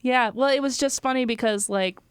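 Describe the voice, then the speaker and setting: A woman's voice: high voice, brisk, smooth, no room sound. A young woman co-hosting a podcast, telling stories in casual chat with lots of fillers and laughter. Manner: chatty storytelling, laughs often, many fillers. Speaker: podcast co-host.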